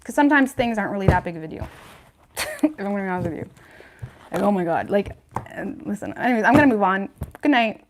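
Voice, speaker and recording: With slight background noise behind her, a woman speaks fast and animated at medium pitch, pausing often, during a casual livestream tarot reading. Chatty and candid, she fills her talk with "like" and "you know what I mean" and laughs between points.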